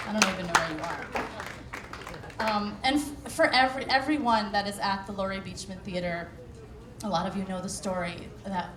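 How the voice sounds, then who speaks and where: A woman, a cabaret singer, giving an emotional acceptance speech on stage at an award show and thanking a long list of people. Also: medium pitch. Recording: echoey hall with background noise.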